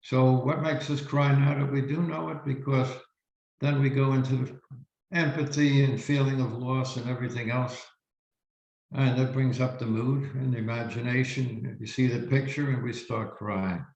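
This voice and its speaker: A male reverend giving a spiritual teaching talk, telling a story slowly and reflectively with emphatic pauses. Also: medium pitch, fairly even intonation, darkish tone. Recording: roomy, dull lo-fi recording.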